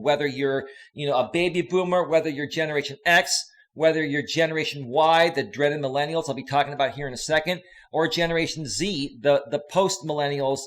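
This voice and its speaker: Guy coach on a live stream reading chat, kinda high voice, gets loud and animated, swears casually. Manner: animated, loud bursts when reading chat, crude slang.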